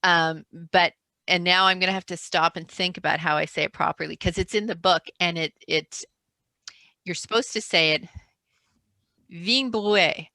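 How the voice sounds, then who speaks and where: A woman's voice: fairly low pitch, fairly even intonation, moderate pace, bright, forceful tone, no echo. A woman author chatting over a video call, talkative, often breaking off mid-sentence and laughing. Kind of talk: casual chat.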